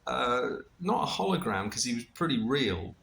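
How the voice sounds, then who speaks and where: A middle-aged man casually recounting a personal experience, animated and full of restarts, with laughter and the odd swear. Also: mid-range voice, moderate pace, vocal fry. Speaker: vlogger recounting a ceremony experience.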